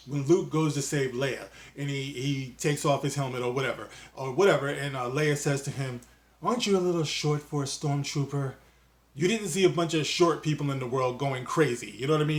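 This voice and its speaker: A man hosting his own video commentary channel, talking in a loose, mocking way with quick asides and jokes. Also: a little high. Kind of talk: casual opinion monologue.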